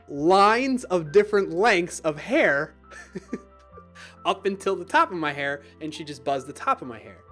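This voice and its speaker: A man's voice: mid-range voice, a bit bright. A man hosting a live stream, chatting casually, reading viewer comments aloud and laughing at himself. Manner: chatty and self-deprecating, laughs often.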